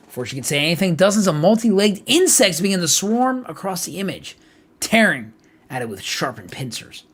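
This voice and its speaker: A man streaming a live game playthrough, reading the text aloud with animated asides. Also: high-pitched, brisk, breathy edge.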